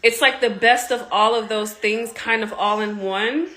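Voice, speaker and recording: A woman in her thirties, a marketing coach, chatting casually and excitedly on a live video, rambling with lots of "like" while sounding a bit congested. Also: fairly high pitch, a little slow. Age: 30s.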